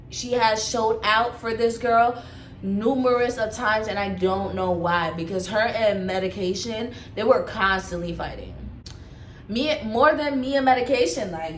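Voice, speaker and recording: A young woman telling a story from her own life in a casual, chatty way, full of swearing and lively asides. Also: a little high. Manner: profane, animated, chatty storytelling. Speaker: vlogger telling a personal story. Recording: echoey room with faint background noise.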